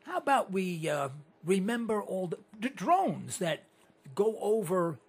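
Ranting husky-voiced male talk radio host. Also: high voice, a little slow. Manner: animated and ranting, with repeated catchphrases. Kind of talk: opinionated talk radio monologue.

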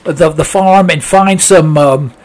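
A high-pitched man hosts a talk program in a loose, rambling monologue. He reads through listener mail with plenty of fillers and restarts, keeping it conversational. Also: takes it slowly. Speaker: radio talk show host.

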